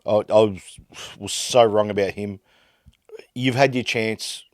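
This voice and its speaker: An Australian man hosting a podcast, delivering an exasperated fan rant that swings between loud outbursts and muttered frustration. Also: on the low side, steady tone, slow, long pauses, no room sound, studio quality. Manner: fired-up, exasperated ranting that swings loud and quiet. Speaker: podcast host. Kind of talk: ranting fan commentary.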